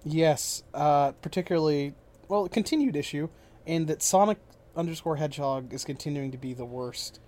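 A man co-hosting a casual comedy podcast, riffing crudely in a deadpan way with lots of fillers. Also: fairly high pitch, moderate pace. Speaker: podcast co-host.

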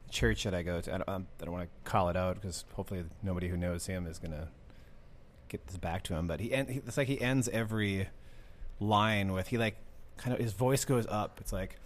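A man co-hosting a casual podcast chat, relaxed and agreeable. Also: sits low, fairly quick. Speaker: podcast co-host.

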